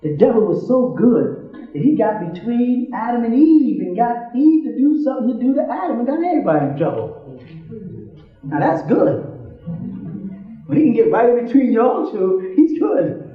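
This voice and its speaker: A man's voice: very high voice, big pitch swings, normal speed, faint music behind. A man giving a joking sermon-style lecture to a congregation, acting out little scenes and laughing often, heard on an old archive recording. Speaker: religious lecturer. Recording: tinny, very echoey archive recording.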